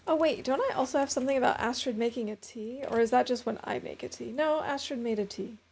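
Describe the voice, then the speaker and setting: A woman's voice: fairly high pitch, fast talker, gravelly, darkish tone, slightly rough. A woman streamer giving casual, chatty commentary while playing a game, thinking aloud as she goes.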